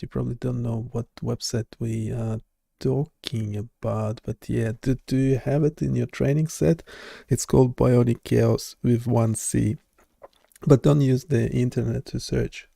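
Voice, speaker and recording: A man's voice: medium pitch, fairly even intonation, a little slow, gravelly, mellow, husky, no echo, studio quality. A man hosting a live development stream, chatting casually and hesitantly with an AI assistant. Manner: hesitant, restarts often, talks to an AI assistant.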